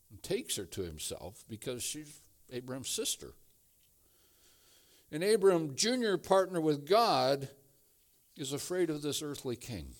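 A man preaching a sermon, slow and emphatic, building to repeated phrases. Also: mid-range voice. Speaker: pastor.

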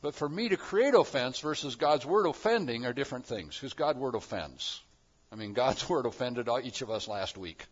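A male pastor delivers a sermon at an ordinary mid pitch, sinking into hushed, reflective stretches and then rising into loud, emphatic proclamations. The recording sounds a little dull and lo-fi. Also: animated, normal speed, slightly rough.

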